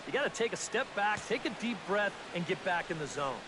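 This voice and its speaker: High-voiced male baseball color commentator. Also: fairly quick, noisy background. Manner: relaxed, folksy analysis. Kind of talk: video game baseball commentary.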